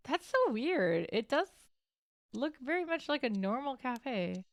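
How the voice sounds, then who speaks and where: A woman's voice: high voice, very animated, slow pace, no room sound. A woman streamer giving casual, giggly commentary while playing a game, game music behind her. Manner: chatty, giggly, reading game dialogue aloud. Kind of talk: casual let's-play commentary.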